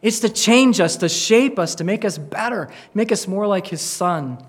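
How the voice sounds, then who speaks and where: A man's voice: high-pitched, expressive, moderate pace, breathy edge. A man preaching as a pastor, earnest, often restarting words and acting out quoted voices. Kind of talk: sermon with Bible reading.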